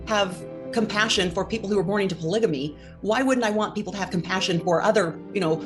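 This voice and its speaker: A woman's voice: mid-range voice, fast talker, over music. A woman, a mother speaking as an interview guest, talking thoughtfully and a little hesitantly. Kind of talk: conversational interview.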